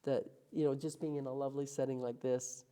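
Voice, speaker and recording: A middle-aged woman sits for an interview and tells her life story in a low voice. Her tone is mellow and warm, and she slips into acted quotes as the memories carry her along. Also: level tone, a little fast. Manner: emotional, vivid retelling with acted quotes. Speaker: guest.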